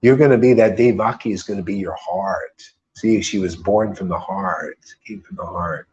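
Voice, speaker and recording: A man's voice: low voice, normal speed, darkish tone, husky. Emphatic man giving a spiritual talk, lo-fi. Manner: emphatic, repetitive, rhetorical questions. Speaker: devotional group leader.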